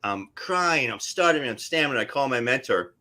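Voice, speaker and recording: A middle-aged actor spins stories in a lively, animated way, ducking into little voices for the people in them. His voice is bright and forceful. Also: mid-range voice, fairly quick. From New Jersey area. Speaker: actor guest. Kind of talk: casual storytelling on a live stream.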